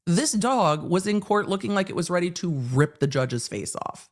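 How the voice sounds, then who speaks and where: Her voice is lowish, her pace moderate, and she rarely pauses. As host of a live legal commentary stream, she delivers profane, animated rants and plays out courtroom exchanges.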